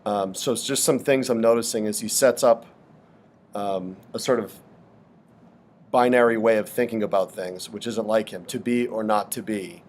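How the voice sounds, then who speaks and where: A man teaching a literature lesson in a thoughtful, hesitant way, with frequent pauses and fillers. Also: fairly low pitch, a little mellow. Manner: thoughtful, hesitant with many ums. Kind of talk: explanatory lesson.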